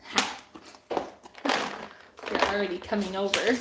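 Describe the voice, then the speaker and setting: A woman's voice: mid-range voice, a little slow, pauses often, roomy sound, noisy background. Giggly young woman chatting on stream. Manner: chatty, giggly, lots of "like" fillers. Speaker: artist hosting a live Q&A. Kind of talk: casual live-stream chat. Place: at home with her cats. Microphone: camera on a desk.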